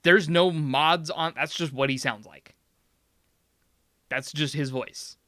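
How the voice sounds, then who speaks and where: A young man chats casually as a podcast co-host. His voice has a bright, forward edge and is recorded close and dry, with no room sound. He talks in an animated way and laughs often. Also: on the high side, slow pace, no room sound. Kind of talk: casual chat.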